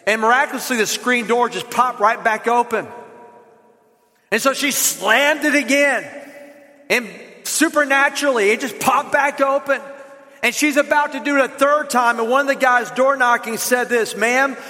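A man with a Southern American accent preaching a lively, joking sermon to his congregation in a church. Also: very high voice, moderate pace, long reverb tail. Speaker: pastor. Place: church sanctuary.

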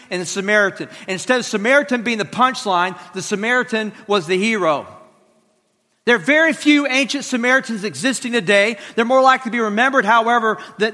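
A man's voice: sits high, pushed and bright, big-room sound. A man preaching a sermon, telling stories with acted-out dialogue and joking asides. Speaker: pastor.

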